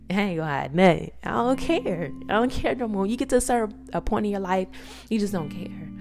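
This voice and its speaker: A woman giving an unscripted motivational talk, her voice swinging between hushed near-whispers and loud emphatic bursts. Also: on the low side. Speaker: podcaster sharing personal testimony. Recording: guitar music playing under voice.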